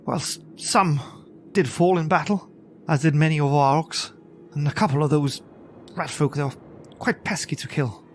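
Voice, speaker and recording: A man voicing a battered, wary orc warrior who talks gruffly and bluntly. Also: a little high, normal speed, faint music behind, close to an everyday voice. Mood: wary, grumbling.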